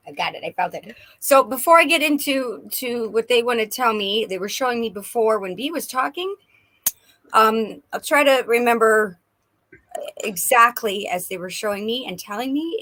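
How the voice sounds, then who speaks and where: A woman giving a playful live tarot reading, animated and quick to laugh. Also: fairly high pitch. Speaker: tarot and oracle card reader. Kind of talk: live-stream card reading.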